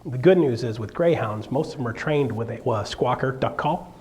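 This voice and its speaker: A middle-aged man telling a jokey, animated story to a live audience as a real estate speaker, acting out voices as he goes. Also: medium pitch, brisk.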